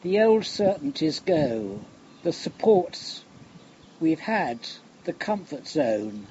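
Slow, reflective preacher, man. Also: on the high side, sing-song. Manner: slow, reflective, drops to a hush on key phrases. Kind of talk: sermon. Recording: muffled recording with background noise.

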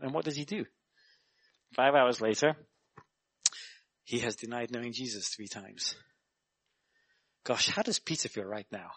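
A young man gives a sermon in a conversational, animated way. His voice sits at a middle pitch, and he often repeats words as he thinks aloud. He keeps turning to the listeners with questions. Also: normal speed, pauses often, husky. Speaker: guest preacher.

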